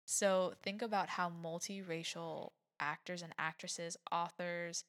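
A woman's voice: fairly low pitch, steady tone, unhurried, fairly bright tone. A woman hosting a podcast in casual chat, attentive and often murmuring agreement. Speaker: podcast host.

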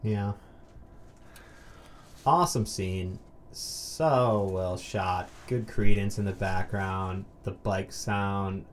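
A man casually talking through a film, swearing freely and jumping into loud, excited mock outbursts. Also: lowish voice, drawn-out words, a little hiss or hum. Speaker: movie commentary co-host. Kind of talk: casual film commentary chat.

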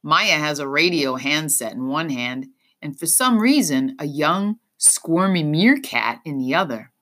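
A woman narrating an audiobook in the first person with expressive, unhurried storytelling. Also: sits low.

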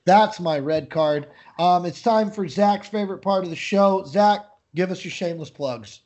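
A man's voice: high-pitched, moderate pace, darkish tone, muffled recording. An American man hosting a casual sports podcast, teasing his co-host and joking, with lots of hesitant fillers.

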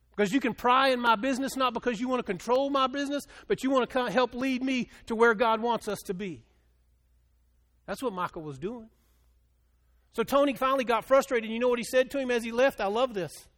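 High-voiced man preaching with passion. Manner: swings from quiet, low storytelling to loud, impassioned preaching. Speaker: pastor. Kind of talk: sermon.

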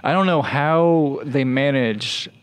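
A young man co-hosting a podcast, talking in a loose, rambling way. He is blunt and swears freely. His voice sits at a middle pitch. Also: slow pace, smooth, no echo. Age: young adult. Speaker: podcast co-host. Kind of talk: casual chat.

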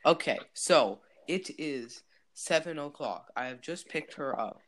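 A man's voice: fairly high pitch, animated, a little slow, fairly bright tone. A young man playfully improvising a date scene, narrating it aloud as he goes. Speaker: improv role-player. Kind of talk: playful improvised role-play.

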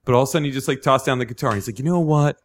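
A man's voice: mid-range voice, racing, a bit bright. Rambling man telling a story. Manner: rambling storyteller, heavy "like" fillers, acts out quotes. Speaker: guest, improv performer. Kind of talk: casual podcast chat.

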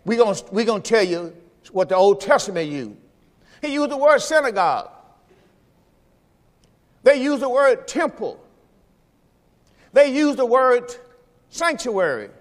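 With long pauses and no hurry, a pastor whose voice is extremely high and very animated works through a folksy sermon. He repeats lines and invites the congregation to respond, all echoing with long reverb in the church sanctuary mid-service.

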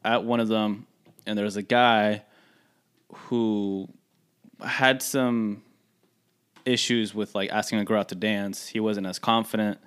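A man's voice: fairly low pitch, steady tone, measured pace, pauses often, fairly bright tone, clean tone. A young man co-hosting a podcast, telling a party story in casual chat, full of "like" and "you know". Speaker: podcast co-host.

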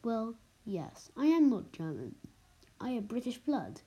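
A woman's voice: fairly high pitch, big pitch swings, a little slow, dark tone, lo-fi sound, pitched above the performer's own voice. A woman reading as a scheming base commander. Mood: persuasive.

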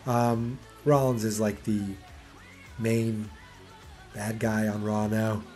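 A man's voice: fairly low pitch, little pitch movement, slow pace, darkish tone. Man, podcast host, rambling, sarcastic, filler-heavy, faint music underneath. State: hiccups. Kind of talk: casual wrestling preview chat.

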